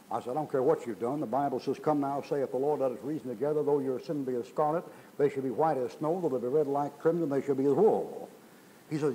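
A pastor preaching a revival sermon in a folksy, colloquial storytelling manner, in a church. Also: male voice, medium pitch, quick pace, dark tone, a little hiss or hum, poor audio. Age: older. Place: church sanctuary.

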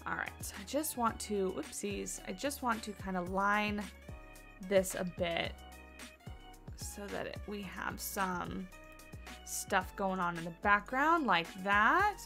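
A woman's voice: medium pitch, expressive, slow pace, sharp tone, soft background music. A tired woman chatting casually and thinking aloud as she builds during a game livestream, greeting viewers by name. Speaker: game streamer. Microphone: desk mic on boom arm.

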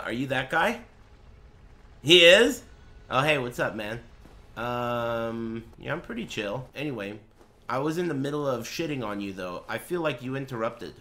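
A young man live-streaming a game, chatting to viewers and swearing as he mock-rants and bursts into yelling at them. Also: mid-range voice. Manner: profane, mock-ranting at chat, erupts into yelling. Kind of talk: live gaming stream commentary.

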